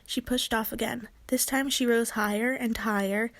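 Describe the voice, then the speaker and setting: A woman reads a children's book aloud with clear, expressive storytelling. Her voice sits fairly high. The recording is dry and close. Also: moderate pace, hardly any pauses, no echo. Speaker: narrator.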